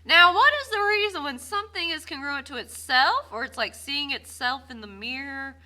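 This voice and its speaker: A woman's voice: high-pitched, moderate pace, pushed and bright. A woman teaching a recorded geometry lesson, bubbly and self-deprecating, cheering on her students. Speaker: math teacher.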